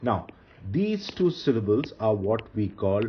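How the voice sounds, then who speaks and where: Man with a lively, lowish teaching voice. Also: measured pace. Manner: explanatory, patient, with fillers and restarts. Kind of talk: screen-recorded lecture. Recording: slightly muffled, faint background hiss.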